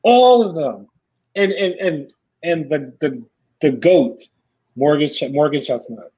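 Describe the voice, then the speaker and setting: A middle-aged man telling stories in a casual chat, acting out the people he quotes in lively voices. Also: fairly high pitch, takes it slowly, slightly rough. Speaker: podcast guest, filmmaker. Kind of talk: casual storytelling. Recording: dull lo-fi sound.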